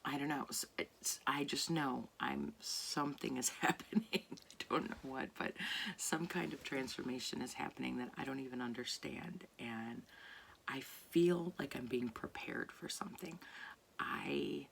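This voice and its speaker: A woman talking casually to camera late at night in a soft voice that often drops to a near whisper, rambling and searching for words. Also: extremely low pitch, measured pace, creaky, a little hiss or hum. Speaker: artist vlogger. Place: home at night.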